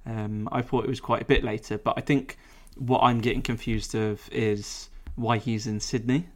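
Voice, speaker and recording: A man's voice: medium pitch, level tone, normal speed. A man co-hosting a casual podcast chat, swearing freely and laughing often. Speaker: podcast co-host.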